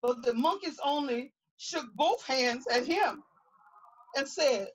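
A woman reading a picture book aloud to young children outdoors, animated and stopping to ask them questions. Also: high voice, slow pace, slightly rough, rough recording.

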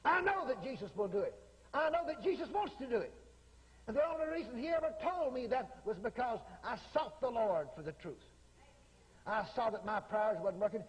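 A man preaching a revival sermon, bold and emphatic, hammering his points through repetition. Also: very high voice. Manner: bold, emphatic, repeating phrases. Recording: echoey hall with long reverb.

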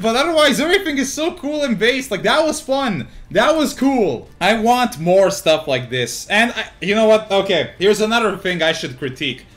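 Hyped, animated young man commentating gameplay. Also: sits high. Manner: swings between loud hype yelling and muttered thinking aloud; swears casually, laughs often. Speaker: gaming YouTuber.

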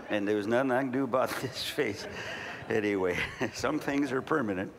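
A middle-aged man preaching a sermon, telling stories and building to fervent shouting. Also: mid-range voice, normal speed, background noise. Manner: storytelling, rising to fervent shouting.

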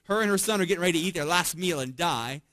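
A male pastor with a slightly high voice delivers a sermon as lively storytelling. He keeps tagging his points with quick questions to the congregation and chuckles as he goes. The recording is dry and close, with no room echo. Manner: conversational, tags lines with "right?" and chuckles often; animated storytelling with frequent restarts.

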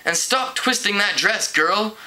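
A man's voice: high voice, lively intonation, unhurried, sharp tone, pitched above the performer's own voice, full character voice, poor audio. A man reading aloud and voicing a sassy, fashion-minded teenage girl. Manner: sassy, soothing.

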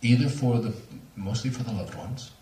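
A man, a speaker on near-death experiences, telling a story to a lecture audience with animated, laughing delivery. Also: mid-range voice, moderate pace, reverberant, recorded from a distance, a little hiss or hum. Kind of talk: storytelling at a talk.

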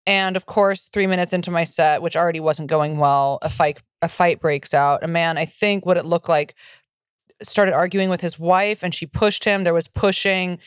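A woman's voice: on the low side, clean tone, no echo, studio quality. A young woman stand-up comic co-hosting a podcast, ranting with heavy swearing and big bursts of energy. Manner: profane, riled-up ranting. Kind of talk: ranting casual chat.

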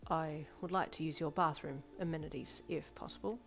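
A woman's voice: deep voice, steady tone, brisk, creaky, faint music behind. A woman voicing a polite, earnest teenage boy who speaks in stiff, formal phrases in a fan fiction audiobook.

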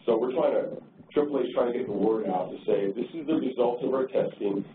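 A man's voice: mid-range voice, a little fast. A man giving a conference presentation in a loose, conversational way, often repeating words as he thinks. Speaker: transportation agency director giving a talk. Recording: distant, tinny and roomy with noise.

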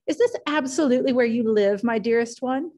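A woman voicing a charming young society woman, her voice raised high and rippling with excitement. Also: brisk, lightly acted. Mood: gushing. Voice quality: rippling, exhilarated.

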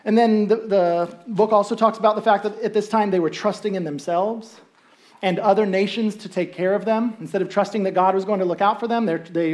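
With a mid-range, steady, darkish voice, a pastor preaches briskly in a church sanctuary. He talks to the congregation in an easygoing way, checking in through rhetorical questions and briefly acting out the voices of figures in the story.

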